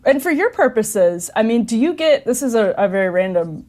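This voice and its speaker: A woman's voice: fairly high pitch, sing-song, a little fast, a little mellow. A woman hosting a casual chat show, chatty and laughing often as she talks. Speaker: host.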